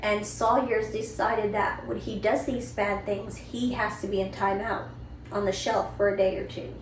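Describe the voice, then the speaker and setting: A woman podcast host telling a family story in a chatty, animated way, with frequent asides to the listener. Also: mid-range voice, moderate pace, a little hiss or hum. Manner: chatty, animated, lots of "you know" and "right?". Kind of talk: casual storytelling. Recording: roomy, distant mic, faint ambience.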